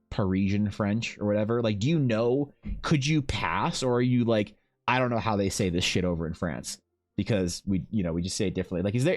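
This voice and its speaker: A young man, streaming and chatting casually with his viewers, rambling and swearing freely. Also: medium pitch. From Canada. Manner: rambling, animated, swears freely, lots of fillers.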